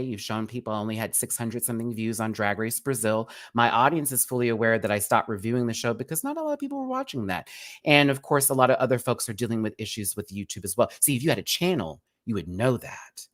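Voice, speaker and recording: A man's voice: mid-range voice, expressive, fast, a bit bright. A man hosting a live review show who rants at a critic in a sassy, cutting way, throwing out pet names like sweetie and baby. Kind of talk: live confrontational rant to a critic.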